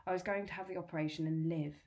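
A woman tutor reading a children's novel aloud in a steady, clear way. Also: fairly low pitch, rapid-fire.

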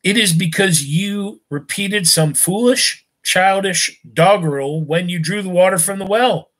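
A stern farmer father who lectures his grown son at the supper table, slow and deliberate, read aloud by a man in a slightly high voice. He reasons rather than shouts, every point laid out with care.

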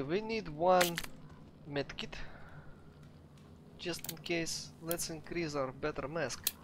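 Excitable high-voiced Russian-accented gamer man. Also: noisy background. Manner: chatty, excitable, talks to viewers. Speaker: let's play host. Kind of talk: gameplay commentary.

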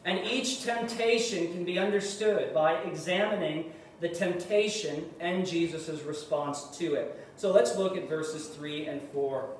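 A man preaching a sermon in earnest, rising to loud emphasis and dropping to hushed asides. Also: fairly high pitch. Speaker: pastor. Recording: echoey room, mic at a distance, faint noise.

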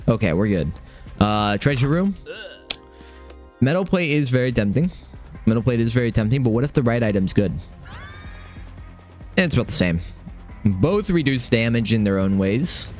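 A young man commentating his own game run, excitable and swearing, talking to himself. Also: mid-range voice, normal speed, long pauses, soft background music. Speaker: gaming streamer. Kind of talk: live let's-play commentary.

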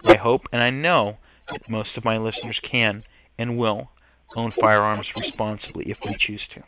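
A man's voice: lowish voice, flat delivery, normal speed. A man hosting a podcast, talking earnestly and with emotion, sometimes reading aloud and often correcting himself mid-word. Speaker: podcast host. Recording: slightly muffled podcast audio, faint hiss.

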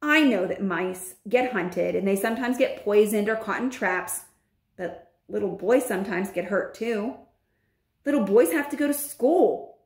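A woman, a teacher, reading a children's novel aloud in an expressive storybook manner. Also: mid-range voice, unhurried. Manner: expressive, with lively intonation. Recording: roomy echo.

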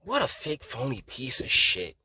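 A man's voice: medium pitch, huge pitch swings, normal speed, sharp tone, husky. A man hosting his own channel, ranting in political commentary with profane, scornful heat.

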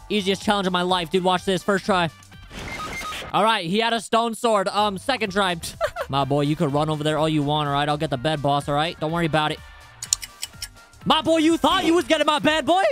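A young man giving energetic, slangy gameplay commentary, trash-talking opponents and calling everyone bro and dude. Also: high voice. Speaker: gaming YouTuber.

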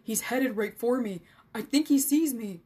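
A woman voicing a nervous, panicky boy sidekick in a storybook reading, frantic and high-pitched. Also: flat delivery, normal speed, darkish tone, natural voice. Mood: anxious.

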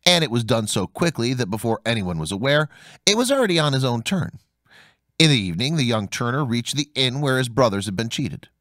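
Animated male storybook narrator. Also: brisk, no echo, clean studio sound. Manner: highly animated, swooping pitch on dialogue. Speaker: audiobook narrator.

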